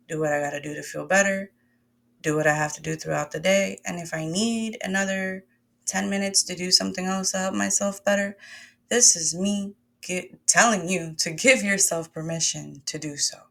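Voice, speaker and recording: Her voice is fairly low and a bit bright, with a steady tone, normal speed and vocal fry. She's a wellness coach guiding a breathwork lesson, speaking encouragingly and conversationally to listeners she calls "my loves" and "y'all."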